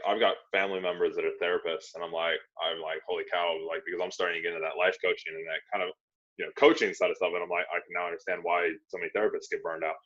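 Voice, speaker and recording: A man hosting an interview, often restarting his sentences to clarify things for listeners. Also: low-pitched. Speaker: podcast host. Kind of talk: interview questions. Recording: dull lo-fi sound.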